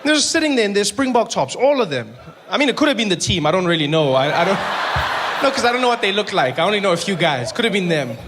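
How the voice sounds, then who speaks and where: South African male comic, lively set, high register, noisy live recording. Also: fast talker. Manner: animated, switches into character voices. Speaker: stand-up comedian. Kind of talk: stand-up comedy set. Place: comedy venue with live audience. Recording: noisy live room recording, some echo.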